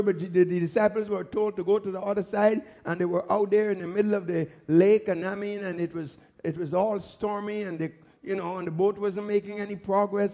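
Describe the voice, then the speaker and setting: A male pastor delivers a sermon in an unusually high voice. He drives his points home through repetition and quick asides to the congregation. When he reads scripture, he slows right down and stretches the words for dramatic effect. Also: a little mellow. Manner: emphatic preaching with repetition and call-and-response asides; dramatic scripture reading with slowed, stretched phrases.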